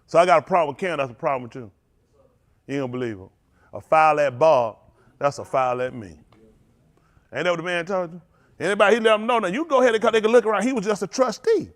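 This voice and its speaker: Animated preacher man with a high, swooping voice. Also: quick pace. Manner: animated, confrontational preaching with congregation call-outs. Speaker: pastor. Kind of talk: sermon.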